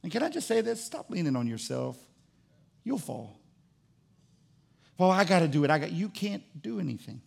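High gravelly preaching man. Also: big pitch swings, moderate pace, long pauses. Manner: fervent preaching that swings from loud to hushed. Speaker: pastor. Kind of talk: sermon.

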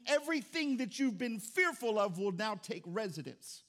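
Preaching as pastor, this middle-aged man has a high-pitched, very animated voice at normal speed, and his dynamic delivery moves between quiet and loud.

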